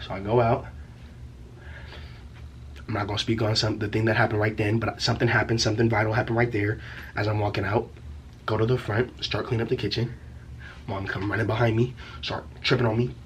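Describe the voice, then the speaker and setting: A man's voice: lowish voice, slight background noise. A young man telling a story from his teen years in a casual vlog, rambling and profane, packed with slang fillers. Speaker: vlogger.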